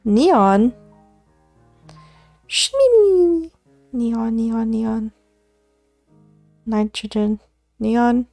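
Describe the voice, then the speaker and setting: Woman, casual study-stream talk, dark warm tone, unhurried, soft music behind. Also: mid-range voice, no room sound. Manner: muttering element names to herself, often dropping to a whisper; self-deprecating, laughs at her own slips.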